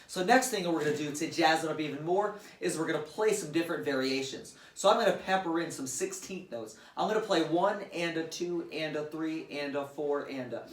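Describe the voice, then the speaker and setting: A man's voice: on the high side, a little hiss or hum. A man teaching drum grooves in a casual demo, counting beats aloud and explaining plainly at his kit. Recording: roomy and distant, loud drums behind. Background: loud drum playing.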